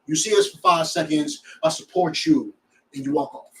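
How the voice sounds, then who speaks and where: A man's voice: a little high, moderate pace, fairly bright tone, recorded from a distance, rough recording. A man teaching a scripture class in a blunt, preachy way, full of rhetorical questions.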